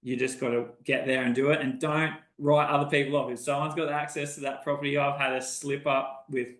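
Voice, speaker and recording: A man's voice: mid-range voice, flat delivery, brisk, fairly bright tone. Rambling Australian man in a roomy room. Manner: rambling storyteller, acts out conversations. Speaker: podcast guest, bowhunter. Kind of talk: casual podcast chat. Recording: roomy echo.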